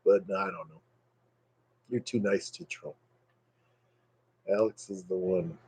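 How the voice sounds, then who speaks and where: A man's voice: fairly even intonation, measured pace, darkish tone, husky, low-quality recording. A man hosting a casual live stream, rambling and joking with his viewers by name. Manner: rambling, joking, puts on silly high voices for quotes.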